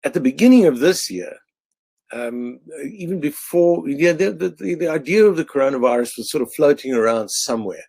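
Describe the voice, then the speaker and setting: A man from South Africa, a cartoonist walking an online audience through his cartoons in a halting way, with many restarts. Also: fairly high pitch, expressive, creaky, a little mellow, dry recording. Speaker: cartoonist presenting his annual.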